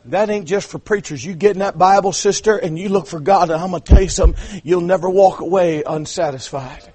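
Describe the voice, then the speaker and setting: A man preaching an impassioned sermon, dropping to hushed asides and then building to shouted climaxes. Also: sits high, a little fast, breathy edge. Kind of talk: revival sermon.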